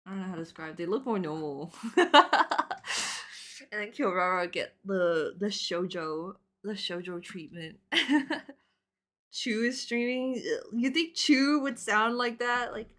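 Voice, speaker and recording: Drawing live on stream, a woman in her twenties talks in a loose, rambling way, full of fillers and punctuated by loud, frequent laughs. Her pitch is medium and her pace is measured.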